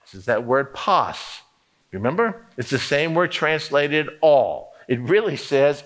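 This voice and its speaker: A man's voice: fairly high pitch, big pitch swings, measured pace, a bit bright. A man preaching a sermon, emphatic, acting out prayers and inner talk in the first person. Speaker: pastor.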